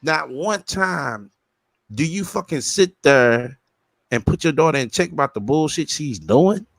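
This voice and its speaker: Podcast host, male, higher-pitched, blunt and profane, ranting freely. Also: expressive, a little slow, creaky, dry recording. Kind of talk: casual commentary chat.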